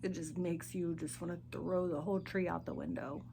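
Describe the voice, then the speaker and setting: A middle-aged woman hosting a podcast, talking earnestly and haltingly about grief and faith, often searching for her words. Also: fairly low pitch, little pitch movement, gravelly, dark tone, a little hiss or hum. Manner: speaks openly of grief and faith. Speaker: podcast host. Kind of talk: personal monologue.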